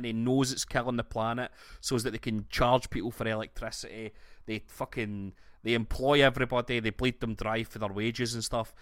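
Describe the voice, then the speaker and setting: A man's voice: medium pitch, no room sound. Scottish man in a dry, close room. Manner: sweary, animated storytelling with laughs. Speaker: podcast co-host. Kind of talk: casual chat.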